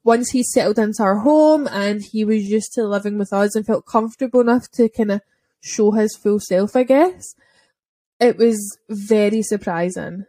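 A young Scottish woman, a dog trainer, chatting casually on a podcast and telling lively stories, acting out quick voices and swearing freely. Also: mid-range voice, dry recording. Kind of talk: casual chat.

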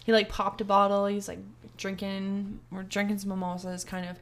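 A young woman co-hosting a podcast, telling a story in casual chat, animated and full of swearing. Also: mid-range voice, normal speed. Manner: animated, swearing, quotes people in heated voices. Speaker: podcast co-host.

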